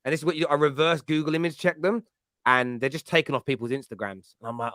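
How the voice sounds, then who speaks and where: A man's voice: a little high, fairly even intonation, fast talker, a bit bright, no room sound. Football podcast host, man in his thirties, chatty rambling storyteller, raised voice, dry close mic. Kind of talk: casual football chat.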